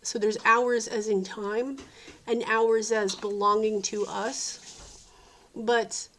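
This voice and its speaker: A woman's voice: on the high side, little pitch movement, takes it slowly. A woman from the South Jersey and Philadelphia area in a rambling, opinionated vlog monologue, often calling things dumb. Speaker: vlogger.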